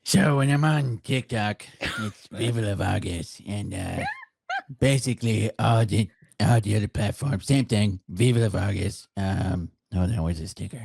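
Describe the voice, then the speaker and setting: A man's voice: fairly low pitch, vocal fry, darkish tone, breathy edge, no echo. A man talking as a podcast guest in a jokey, playful, casual chat over a video call. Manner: jokey, playful, quick to laugh. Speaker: podcast guest, soldier and content creator.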